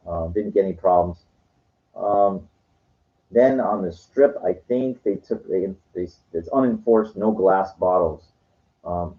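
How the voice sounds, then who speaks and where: A man telling rambling stories in a casual monologue, swearing now and then. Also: deep voice. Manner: rambling, profane storytelling. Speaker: vlogger. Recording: dull lo-fi recording.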